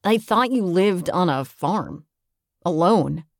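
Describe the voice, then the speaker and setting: A woman's voice: on the low side, expressive, slow pace, no room sound. A female narrator voicing a brash young guy contestant, teasing, storybook reading with a dry sound. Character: cheeky young male contestant, teasing then showy.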